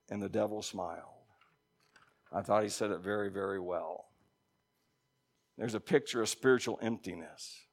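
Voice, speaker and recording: A male pastor preaching at a middle pitch. He drives his points with emphatic loud stresses, then drops into low, quiet phrases. He throws in casual asides to the people listening. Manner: conversational asides to the congregation. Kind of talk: sermon.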